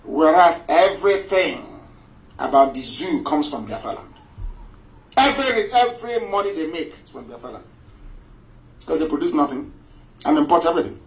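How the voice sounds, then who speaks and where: A man's voice: a little high, very animated, moderate pace, long pauses, low-quality recording. A man giving an impassioned live radio broadcast, scornful and mocking and repeating himself for emphasis. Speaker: political broadcaster.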